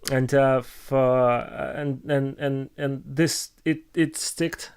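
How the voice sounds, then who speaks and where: Halting Russian-accented man with smooth voice. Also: medium pitch, steady tone, darkish tone. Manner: halting, many restarts and filler sounds. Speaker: streamer answering viewer questions. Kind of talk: casual live-stream chat.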